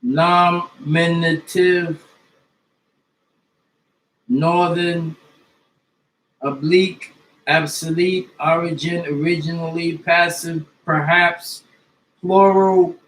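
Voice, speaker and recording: Male reader, slightly high voice, flat delivery, recorded in an echoey room. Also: a little hiss or hum. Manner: slow, deliberate list reading. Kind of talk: reading a list of dictionary terms aloud.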